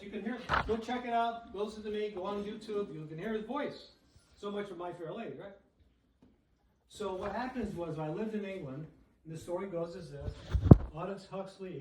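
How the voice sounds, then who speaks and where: A man's voice: a little high, a little mellow, a little hiss or hum. A man casually presenting books to a dinner group, often checking in with "okay?" and "right?". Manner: chatty, keeps asking "okay?" and "right?". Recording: echoey room, voice from far off.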